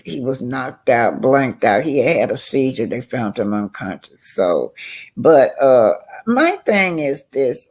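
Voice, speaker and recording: An older woman talks through a reality show in a slow, unhurried way. Her voice has a gravelly, creaky edge. She is chatty and emphatic, stretching words out for effect. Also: a bass voice, big pitch swings, darkish tone. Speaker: reality TV commentator. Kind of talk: casual commentary.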